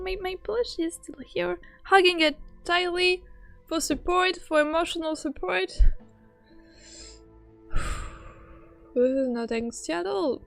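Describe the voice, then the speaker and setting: Excitable high-voiced woman streamer. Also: slow pace, gravelly, pauses often, soft background music. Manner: excitable, flustered reactions between story text read aloud. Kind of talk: game reaction livestream.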